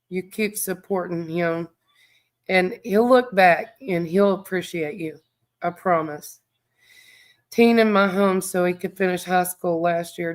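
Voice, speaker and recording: A middle-aged woman, hosting a livestream, speaking heartfelt and near tears, with a stuffed-up voice while she reads viewer comments aloud. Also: medium pitch. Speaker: true crime livestream host. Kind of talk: emotional livestream chat.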